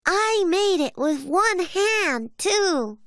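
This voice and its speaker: A woman voicing an eager, proud little boy bear cub in a high, childlike cartoon voice. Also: lively intonation, drawn-out words, fairly bright tone, dry recording, studio quality, heavily acted. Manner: high, childlike and wide-eyed. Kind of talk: cartoon character voice.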